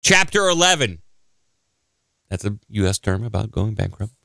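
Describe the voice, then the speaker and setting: A male podcast host with a bright, forward voice, joking with callers in a deadpan, teasing manner. The sound is close and dry on a studio mic. He tends to trail off into fillers between quips. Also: on the low side, moderate pace, creaky, no room sound. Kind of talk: comedic call-in talk show.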